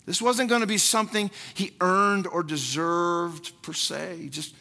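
A man delivers a sermon from the pulpit, his fairly high, bright voice ringing through a large, reverberant church hall. He preaches emphatically, repeating key phrases for weight and acting out prayers and other people's words. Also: fairly even intonation, unhurried, gravelly. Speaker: pastor.

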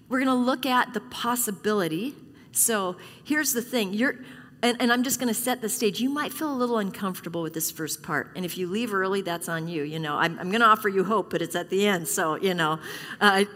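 A woman's voice: mid-range voice, fairly bright tone. Middle-aged woman preaching in a reverberant church. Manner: conversational and candid, with frequent restarts. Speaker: pastor. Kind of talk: sermon. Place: church sanctuary. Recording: long reverb of a church hall.

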